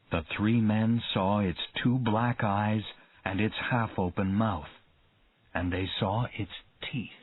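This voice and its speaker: A man narrating a story for learners in a slow, expressive reading. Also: lowish voice, slightly rough. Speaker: audiobook narrator. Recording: tinny phone-like dry sound.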